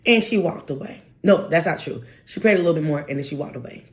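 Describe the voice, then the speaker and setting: A woman in her thirties, telling a personal story to camera in a lively, expressive way and acting out what people said. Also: low-pitched, fast, few pauses, soft background music. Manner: animated, expressive, acts out quotes with exaggerated reactions.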